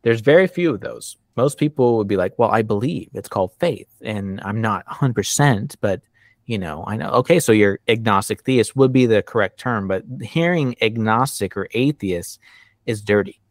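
Low-voiced man in casual chat. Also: moderate pace, dry recording, clean studio sound. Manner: animated, laughs often, acts out quotes. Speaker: podcast host. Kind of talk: casual conversation.

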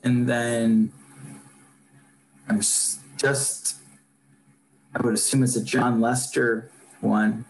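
A man's voice: medium pitch, flat delivery, slow pace, pauses often, poor audio. A man co-hosting a podcast, chatting casually about baseball in a rambling, filler-heavy way. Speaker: podcast co-host. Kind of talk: casual sports chat.

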